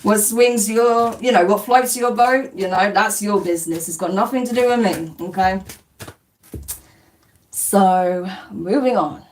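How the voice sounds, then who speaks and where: A woman's voice: mid-range voice, unhurried. A woman hosting a spiritual live stream, chatting casually as she reads out comments, blunt and dismissive, swearing and laughing often. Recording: distant mic with faint background noise.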